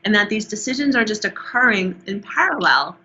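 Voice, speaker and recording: An Australian woman researcher giving a measured, explanatory answer in an academic interview, with frequent restarts. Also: mid-range voice, animated, pushed and bright. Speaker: urban planning researcher, interview guest. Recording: muffled, dull audio.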